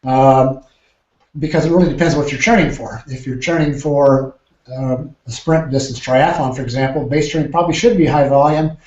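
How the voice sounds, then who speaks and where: A man, a triathlon coach, explaining training ideas in a podcast interview with measured, careful phrasing and frequent restarts. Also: medium pitch, fairly even intonation, darkish tone. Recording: roomy, dull lo-fi sound.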